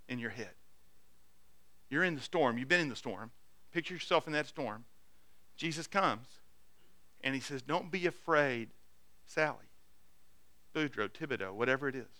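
A man preaching a sermon as pastor, earnestly urging his congregation, swinging from loud exhortation to quiet, intimate asides with frequent restarts. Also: a little high, dry recording.

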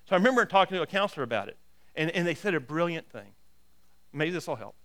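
Emphatic pastor with a smooth voice. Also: male voice, on the high side, animated, fast talker. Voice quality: repeats words when starting phrases. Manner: builds to loud emphatic exhortation, then quiet prayer. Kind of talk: sermon.

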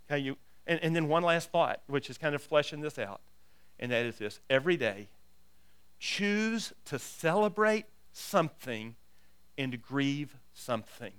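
A man preaching a sermon as a pastor. His voice sits a little high and rings smooth and clear. He restarts phrases with repeated words, builds to forceful urging, then softens into a hushed prayer. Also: lively intonation, measured pace. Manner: builds to loud emphatic exhortation, then quiet prayer.

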